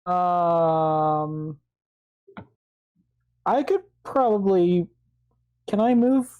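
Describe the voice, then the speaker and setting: A woman's voice: lowish voice, expressive, extremely slow, a little mellow, lo-fi sound. A woman playing a tabletop game, asking unsure questions about the rules. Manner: unsure, asks many questions. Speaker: player.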